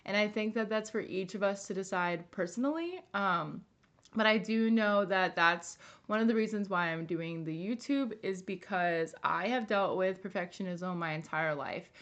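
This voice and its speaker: A woman's voice: lowish voice, fairly bright tone, highs cut off. A young woman talking casually and earnestly in a personal wellness vlog, with lots of fillers and restarts. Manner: chatty and earnest, many likes and restarts. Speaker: wellness vlogger.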